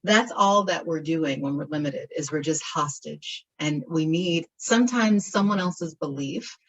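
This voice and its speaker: A woman with a low, unhurried voice hosts an interview over a video call, and the sound is lo-fi. She is encouraging and reflective in this supportive chat, offering frequent short affirmations.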